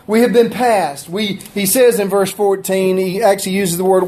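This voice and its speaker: A man preaching a sermon in a folksy, conversational way, with asides to people in the room and his pitch rising and falling for emphasis. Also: steady tone, normal speed, few pauses, darkish tone. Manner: pitch rises and drops for emphasis. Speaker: pastor.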